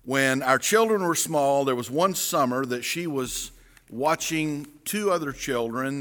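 A middle-aged man, a pastor telling a story and then reading scripture in a sermon, folksy and deliberate. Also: mid-range voice, a bit bright. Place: church sanctuary. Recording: reverberant sanctuary.

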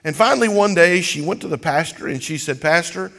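Male pastor, sermon delivery, lively swooping pitch, gravelly edge, long church reverb. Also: fast. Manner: impassioned preaching, building to loud cries.

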